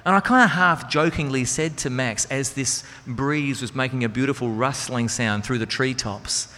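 A man's voice: medium pitch, moderate pace, bright, forceful tone. A man preaching a sermon in an earnest, conversational way, with rhetorical questions to his listeners. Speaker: Christian speaker and singer. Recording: reverberant hall with music behind.

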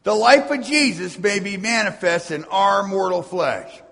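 A male pastor preaches in a high, gravelly voice, reading scripture with fervor and tossing asides to the congregation. His voice carries a long reverb off the walls of a church sanctuary. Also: measured pace, fairly bright tone. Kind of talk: sermon.

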